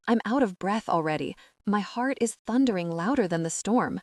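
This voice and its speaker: Animated and mid-range, a woman's voice reads scripted first-person romance narration full of emotion, with deliberate dramatic slowdowns, on a dry recording.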